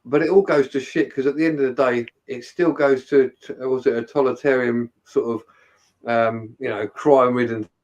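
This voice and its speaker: A man's voice: mid-range voice, steady tone, a little fast, a little mellow, lo-fi sound. A man in a casual chat, laid-back and rambling, swearing casually.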